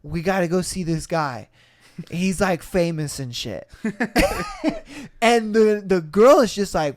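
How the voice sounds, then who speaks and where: A man's voice: high voice, slow, pauses often. A young man hosting a podcast, telling a story in casual chat with lots of swearing and acted-out quotes. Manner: animated, swearing, acts out voices in quotes. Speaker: podcast host.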